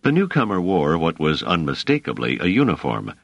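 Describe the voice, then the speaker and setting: A man narrating an audiobook in an expressive storytelling manner. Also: low voice, fairly quick, vocal fry, breathy edge, dry recording, lo-fi sound. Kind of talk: scripted narration.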